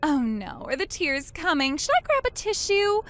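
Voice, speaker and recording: A woman's voice: high-pitched, very animated, normal speed, a bit bright, voice pushed up, exaggerated voice. A woman voicing a gloating, cruel younger sister in a text-message story, taunting in a sing-song way.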